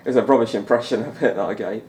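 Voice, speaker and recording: A man's voice: on the low side, quick pace, a little mellow, reverberant, a little hiss or hum. A young man chatting casually over a snooker game as a gaming YouTuber, rambling and laughing often. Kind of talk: let's-play commentary.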